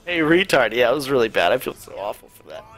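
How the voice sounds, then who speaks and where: A man's voice: mid-range voice, expressive, very fast. A young man streamer telling a rambling, profane story in casual chat, full of fillers.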